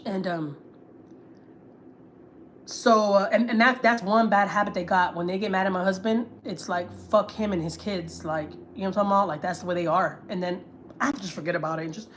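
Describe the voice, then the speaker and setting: A family vlogger from Houston, Texas, rants on a casual livestream in a mid-range voice, a little fast. She's blunt, swears, and repeats herself for emphasis, and there's slight background noise.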